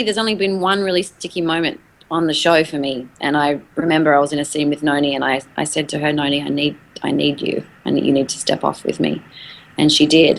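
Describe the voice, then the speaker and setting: An actress chatting as a guest on a video call, relaxed and thoughtful. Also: female voice, low voice, rough recording. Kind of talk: casual chat.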